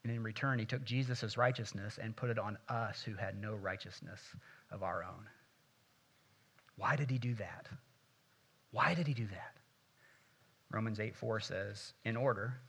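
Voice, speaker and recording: A man, a pastor, preaching a sermon and reading scripture aloud, building to louder, more intense passages. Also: lowish voice, breathy edge.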